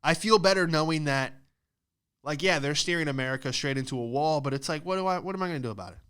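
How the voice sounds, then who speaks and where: A man's voice: on the high side, fast, fairly bright tone, clear, resonant tone. A man, a stand-up comedian hosting a podcast, ranting casually with a lot of swearing and "dude" and "like".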